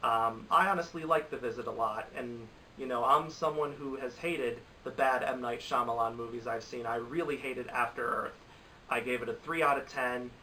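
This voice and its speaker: A man's voice: mid-range voice, normal speed, sharp tone. A young man reviewing movies in a casual, opinionated vlog, rambling and restarting his sentences. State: has a cold. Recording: slightly distant mic with faint hiss.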